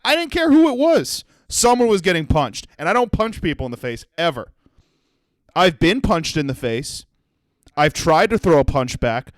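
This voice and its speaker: A young man hosting a comedy podcast, telling a profane, animated story and acting out the people in it. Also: on the high side, no echo. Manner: profane, animated, acts out voices in his story.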